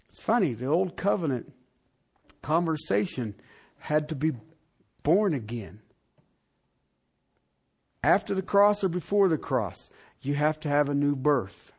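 A man preaching a sermon, asking the congregation direct questions and swinging from loud emphatic lines to quiet ones. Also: high-pitched, slightly rough. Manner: talks straight to the congregation with rhetorical questions. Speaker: pastor.

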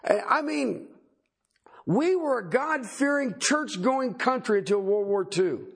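A middle-aged pastor preaches in a folksy, animated manner, his voice pitched high for a man. A husky grain runs through his delivery, and he breaks into joking asides. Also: slow. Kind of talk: sermon.

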